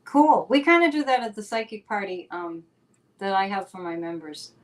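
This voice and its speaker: Woman host, mid-pitched, chatty and upbeat, rambles through plugs and news talk. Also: expressive, normal speed. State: a bit out of breath. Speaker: psychic and show host. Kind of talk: casual chat with announcements.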